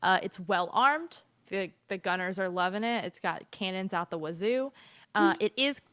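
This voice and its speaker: A woman's voice: medium pitch, lively intonation, moderate pace, a bit bright, no room sound. A woman running a tabletop role-playing game on a live stream, upbeat and giggly, often restarting her sentences. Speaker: game master.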